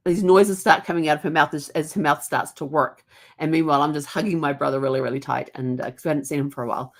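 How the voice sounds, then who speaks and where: Telling family stories casually and laughing at times, this middle-aged New Zealand genealogy vlogger has a deep voice. She keeps a steady tone and speaks fast.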